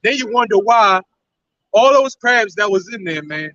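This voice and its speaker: A man's voice: sits high, lively intonation, moderate pace, pushed and bright. A man talking casually and heatedly in a group conversation, rambling and laughing often. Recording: dull lo-fi audio.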